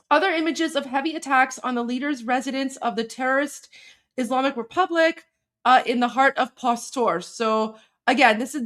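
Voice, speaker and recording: A woman's voice: high voice, fairly bright tone. A woman with an Iranian accent hosts a casual livestream in a slightly raised voice. She rambles, repeats words and keeps checking in with her viewers. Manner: rambling, repeats herself, keeps asking "right?". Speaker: livestream host. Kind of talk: casual live commentary.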